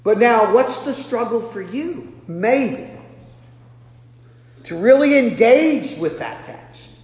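Guy from nebraska preaching, really high voice for a man, jokes on himself, gets loud now and then, big echoey church hall. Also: takes it slowly. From Nebraska, USA. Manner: animated, self-deprecating storytelling with sudden loud bursts. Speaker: pastor. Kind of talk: sermon. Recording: echoey hall with long reverb.

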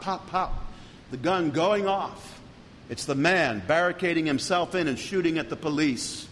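A pastor delivering an earnest sermon, building to emphatic peaks and then dropping low. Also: male voice, fairly bright tone, big-room sound, slight background noise. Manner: earnest preaching with rising emphasis.

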